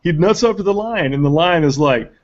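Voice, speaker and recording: A man hosting a casual live webcast chat and reading viewer questions, animated and rambling with restarts. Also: a little high, a little fast, lo-fi sound. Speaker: webcast host.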